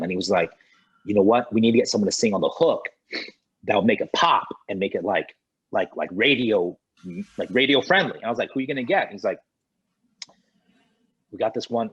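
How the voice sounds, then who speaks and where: A man guest on a podcast, telling a lively anecdote and acting out the dialogue of others. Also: low-pitched, slightly rough, muffled recording. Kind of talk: animated storytelling in conversation.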